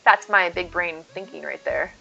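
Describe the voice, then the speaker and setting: A woman's voice: on the low side, normal speed, gravelly, bright, forceful tone, highs cut off, soft background music. A woman streaming a game, chatting casually and rambling to her viewers by name. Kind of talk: casual live-stream chat while gaming.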